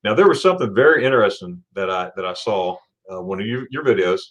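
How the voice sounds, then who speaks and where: A man's voice: on the low side, expressive, fast talker, dull audio. Guy hosting a live stream, chatty, stumbles and restarts a lot, reads out the chat. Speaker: livestream host. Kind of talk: casual livestream chat.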